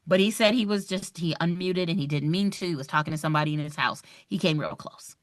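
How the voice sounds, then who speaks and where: A woman, running a live online review for a real estate exam, chatty and animated as she talks straight to her viewers. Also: sits low, fast, dry recording, clean studio sound.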